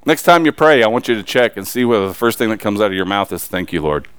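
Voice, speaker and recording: A man's voice: fairly low pitch, expressive, fast, a bit bright, clean tone, no room sound. A man preaching a sermon, emphatic and pressing the congregation with rhetorical questions.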